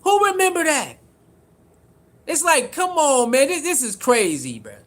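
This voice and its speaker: A man with a high-pitched voice and streams casual sports commentary. He is animated and repeats himself for emphasis, calling out viewers by name as he reads their comments. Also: measured pace. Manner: animated, repetitive, talks straight to viewers.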